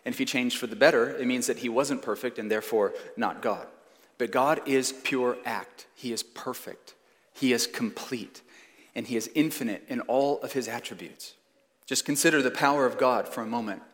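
A man in his thirties preaching a sermon, earnest and emphatic, slowing down to stress key phrases. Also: medium pitch, a bit bright. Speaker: pastor. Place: church sanctuary. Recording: long church hall reverb.

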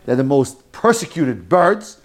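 A man teaching a lively Talmud class, mixing Hebrew and Yiddish terms and joking with his students. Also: mid-range voice, a little slow.

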